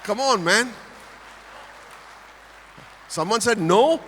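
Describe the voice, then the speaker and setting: Speaking slowly in a high, sharp voice with big pitch swings, an older Indian English-accented man jokes with and teases a corporate crowd from a large auditorium stage. He's there as a motivational speaker; the reverberant hall carries some chatter and slight background noise.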